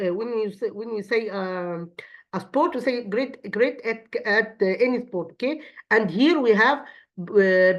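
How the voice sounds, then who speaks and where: A woman's voice: medium pitch, lo-fi sound. A woman with an Egyptian accent, a native Arabic speaker, teaching an English grammar lesson to children with many fillers and restarts.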